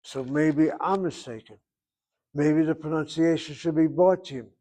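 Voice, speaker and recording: Older guy teaching grammar, kinda high voice, talks it through out loud, second-guesses himself. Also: fairly even intonation, measured pace. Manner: thinks aloud, reasoning back and forth. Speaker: Hebrew teacher. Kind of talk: classroom grammar lesson.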